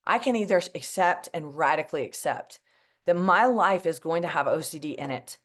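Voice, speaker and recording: A woman with a low voice, lively intonation and fairly bright tone speaks at a moderate pace. As a mental health advocate giving a heartfelt personal talk, she addresses the audience earnestly, close to tears, using many fillers like "like" and "you know."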